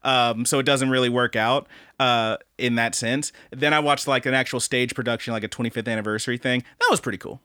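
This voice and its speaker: Young man, podcast co-host, bright forceful voice, dry close mic, animated, swearing a lot. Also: a little fast, clean tone, no room sound. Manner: animated, profane, acts out quotes in high voices. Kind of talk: casual podcast chat.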